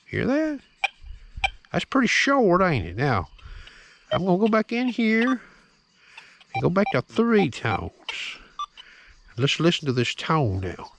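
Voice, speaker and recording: A man's voice: high-pitched, huge pitch swings, takes it slowly, gravelly, pauses often, noisy background. A man giving a plain-spoken, hands-on tutorial outdoors, often checking in with the viewer. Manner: plain-spoken, drawling, keeps checking in with "okay?". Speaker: metal detecting hobbyist demonstrating a detector.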